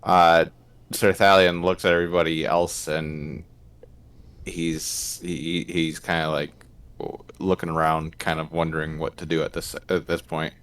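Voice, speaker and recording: A man's voice: very deep voice, level tone, unhurried, fairly bright tone, no room sound. A man playing a tabletop role-playing game, describing his character's actions in a hesitant way while he searches for words. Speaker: player. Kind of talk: casual tabletop play.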